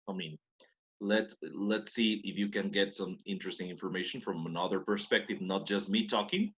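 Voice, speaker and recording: A man teaching an online English class, explaining in English and Spanish with soft, hesitant fillers. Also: low-pitched, steady tone, moderate pace, muffled recording.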